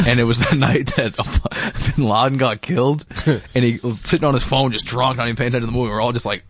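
Fast-talking young man telling stories. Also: medium pitch, a bit bright. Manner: rambling storyteller, swears, laughs a lot. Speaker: podcast co-host. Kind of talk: casual chat.

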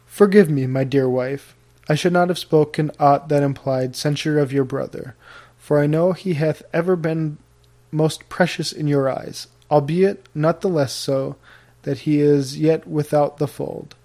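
A man's voice: fairly high pitch, fairly even intonation, unhurried, warm tone. A man reading the lines of an earnest, grave Puritan husband in formal, old-fashioned speech.

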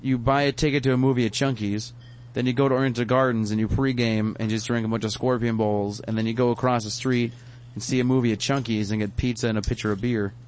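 A man's voice: medium pitch, steady tone, quick pace, hardly any pauses, a little mellow. A man in casual chat, telling stories to friends and laughing often.

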